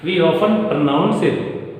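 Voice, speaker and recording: A man teaching an English lesson, talking slowly and repeating key phrases as he explains. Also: a little high, background noise. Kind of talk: recorded class lecture. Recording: very echoey room, long reverb.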